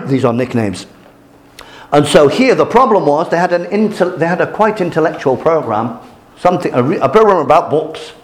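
A man teaching a class as their examiner, lecturing in a halting way with many fillers and restarts. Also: medium pitch.

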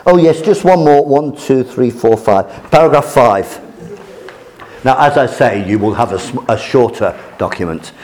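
A man teaching a class as their examiner, lecturing in a halting way with many fillers and restarts. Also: medium pitch, expressive, darkish tone.

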